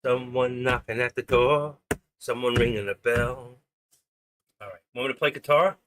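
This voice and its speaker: Um homem na casa dos sessenta anos, apresentador de uma transmissão ao vivo, fala de forma solta e opinativa. A voz é clara e brilhante. Ele pula de histórias pessoais para números do mercado. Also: male voice, medium pitch, moderate pace, fairly bright tone. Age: 60s. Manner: chatty, opinionated, jumps between stories and market numbers. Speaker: live stream host. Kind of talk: rambling live-stream chat.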